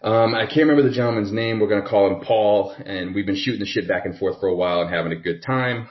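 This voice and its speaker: A man hosting a podcast, chatting in a relaxed, conversational way and starting his own bar story. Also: on the low side, fast talker, muffled recording. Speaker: podcast host. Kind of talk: casual chat.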